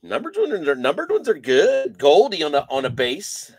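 Lively, energetic man hosting a card break. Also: a little high, moderate pace, slightly rough. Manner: energetic, calls out player names with slangy shout-outs to buyers. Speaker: host of a live trading card break. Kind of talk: live card break commentary.

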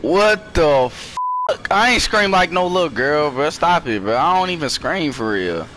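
Casting: young male gaming streamer, profane and jumpy, high and very animated. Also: a little slow, noisy background. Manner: profane, excitable, jumpy with screams. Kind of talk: horror gameplay commentary.

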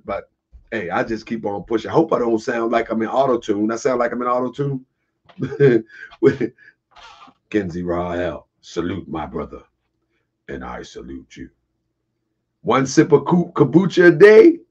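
A man hosting a casual livestream, husky and getting over a cold, talking to viewers, laughing often and answering chat comments. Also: medium pitch, muffled recording. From Baltimore area. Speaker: livestream host.

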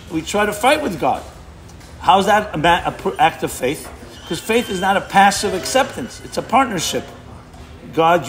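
A man's voice: high-pitched, fairly bright tone, slight background noise. A man speaking as a rabbi, giving an impassioned sermon to an audience, emphatic and often breaking off to restart his words.

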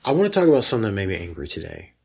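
Husky man ranting with lively swings. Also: sits low, very fast. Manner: indignant, animated ranting storyteller. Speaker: podcast co-host. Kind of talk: casual chat.

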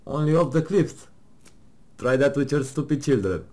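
Joking around with his partner over a game, a man reads questions and answers aloud in a mock-serious tone, laughing and swearing casually. His voice is medium-pitched, expressive, and a little mellow, at a moderate pace.

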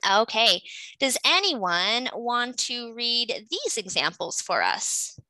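A woman's voice: a little high, big pitch swings, slow pace, pushed and bright, dry recording, poor audio. A Canadian woman teaching an English class over a video call, patiently explaining grammar and calling on students.

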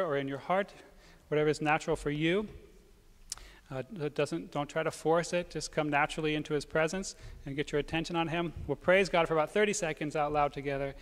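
Priest with a lingering church echo. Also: male voice, fairly high pitch. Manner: gentle, halting, repeats phrases. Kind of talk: homily with guided prayer. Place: large church. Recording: long church reverb.

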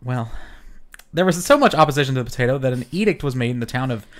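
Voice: mid-range voice, animated, fast talker. A podcast co-host reading out history facts in a casual chat, with jokey asides.

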